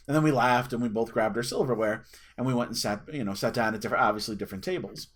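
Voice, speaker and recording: A man's voice: medium pitch, quick pace, fairly bright tone. A man in his thirties chatting and telling a personal story as a channel host, rambling with fillers and restarts. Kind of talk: casual storytelling to camera.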